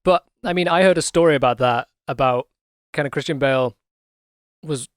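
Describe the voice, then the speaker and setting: A man's voice: a little high, moderate pace, dry recording, clean studio sound. A young man co-hosting a podcast, chatting casually and telling anecdotes. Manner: storytelling, with acted-out quotes. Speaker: podcast co-host. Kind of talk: casual chat.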